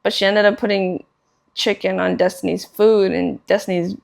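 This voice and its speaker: A young woman from chats on her podcast in a loose, rambling way. Her voice slides into a gravelly fry at the ends of phrases. She leans on "like" constantly and swears without a second thought. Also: mid-range voice, steady tone, normal speed. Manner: rambling, heavy use of "like", swears casually. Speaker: podcast co-host. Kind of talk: casual chat.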